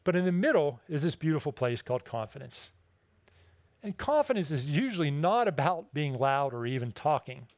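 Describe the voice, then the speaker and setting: A man delivers a keynote talk, and his voice sits a little higher than most men's. He tells stories in an animated, emphatic way and hammers his key points home by repeating them. The sound is close and dry. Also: normal speed, no echo. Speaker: keynote speaker.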